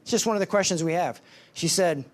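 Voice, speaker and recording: Man telling devotional stories, slightly high. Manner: storytelling, acts out quoted voices, slows for emphasis. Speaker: speaker at a ministry summit.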